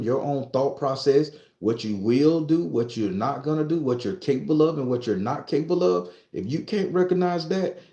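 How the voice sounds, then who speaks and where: A man's voice: on the high side, warm tone, reverberant, dull audio. A man who works as a spiritualist and tarot reader, talking to his followers in a casual monologue that is profane and preachy and full of joking asides.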